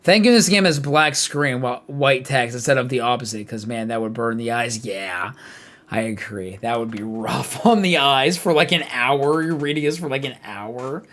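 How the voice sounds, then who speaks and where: A man streaming a live game playthrough, reading the text aloud with animated asides. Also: mid-range voice, normal speed.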